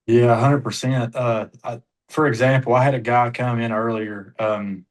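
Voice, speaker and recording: Over poor audio, a man being coached as a car salesman speaks at normal speed in a level, mid-range voice. He chats casually yet sounds hesitant, with "you know" popping up constantly.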